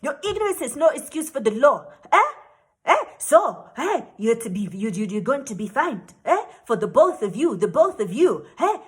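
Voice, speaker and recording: A woman's voice: sits high, big pitch swings, moderate pace, slightly rough, heavily acted. Woman putting on a stern taunting male border officer. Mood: scolding. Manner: badgering, taunting questions ending in "eh?".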